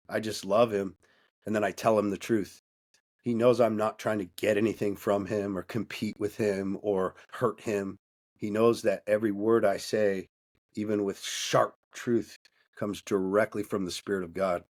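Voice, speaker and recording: Blunt, low-voiced man, preaching with intensity. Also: fairly even intonation, measured pace. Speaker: men's coach and podcast guest. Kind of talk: candid podcast conversation.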